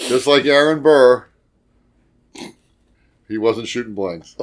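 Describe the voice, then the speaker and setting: A man's voice: medium pitch, slow. A man co-hosting a casual podcast, throwing in dry wisecracks. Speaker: podcast co-host. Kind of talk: casual joking chat.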